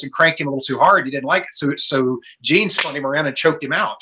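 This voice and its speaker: Bright-voiced man telling a stunt story. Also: a little high, quick pace, few pauses, low-quality recording. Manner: animated anecdote-telling, acts out quotes. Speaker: guest stunt performer. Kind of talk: casual storytelling on a podcast.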